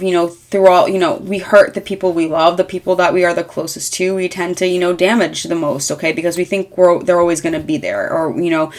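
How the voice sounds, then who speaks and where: A woman in her thirties talks through a tarot reading in a casual, rambling way. Her voice sits a little low. She is frank, swears lightly and fills her sentences with fillers. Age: 30s. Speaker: tarot reader.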